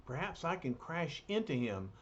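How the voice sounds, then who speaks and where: A man's voice: on the high side, sing-song, normal speed, lo-fi sound, a little hiss or hum. A man voicing a stern male team leader from a comic, giving firm, clipped orders.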